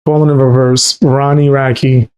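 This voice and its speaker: A man's voice: mid-range voice, flat delivery, a little slow, darkish tone, clean tone. Mocking man reacting to a clip. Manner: mocking, incredulous, repeats punchlines. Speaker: commentary host. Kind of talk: reaction commentary.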